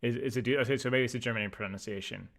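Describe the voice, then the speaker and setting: A man's voice: mid-range voice, fast talker, creaky. A young man streaming, chatting casually while reading words aloud and flaring into mock outrage. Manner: animated, flares into mock-outraged shouting. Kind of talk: casual pronunciation chat.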